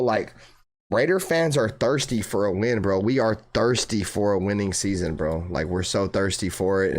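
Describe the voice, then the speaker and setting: A man hosting a fan live stream, chatting casually with his viewers and swearing freely. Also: on the low side. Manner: excitable, swears, bursts into loud mock wailing. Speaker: fan channel host.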